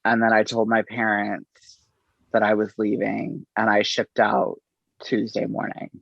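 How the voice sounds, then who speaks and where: A middle-aged man, an interview guest, telling his story in an unhurried, halting way and acting out the exchanges he quotes. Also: on the low side, monotone, gravelly, dry recording. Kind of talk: conversational storytelling. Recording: dull, slightly lo-fi audio.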